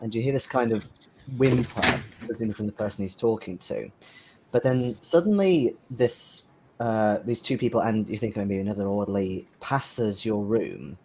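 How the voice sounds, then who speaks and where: A man's voice: lowish voice, lively intonation, moderate pace, warm tone, slight background noise. A man narrating as game master of a tabletop horror game, hesitant and full of ums.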